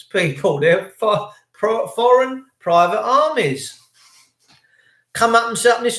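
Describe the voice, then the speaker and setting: Guy ranting to his vlog camera, repeats himself a lot, kinda high voice. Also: fairly bright tone. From England. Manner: ranting, emphatic, repetitive. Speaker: vlogger. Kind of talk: casual monologue to camera. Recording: echoey room.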